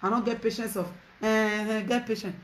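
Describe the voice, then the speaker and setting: A woman with a Nigerian accent giving casual commentary to her followers, animated and insistent, mixing Pidgin and English. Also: on the high side, fast, a little hiss or hum. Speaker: social media commentator.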